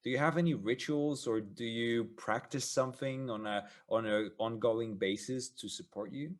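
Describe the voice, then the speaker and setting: A man hosting an interview podcast, asking questions in a halting way and praising his guest's answers. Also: medium pitch, fairly even intonation. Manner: encouraging, halting, many fillers and restarts. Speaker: podcast host.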